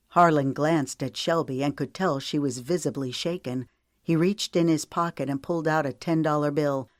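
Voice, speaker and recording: A woman narrating an audiobook in a steady, measured reading style. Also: low voice, dry recording, clean studio sound.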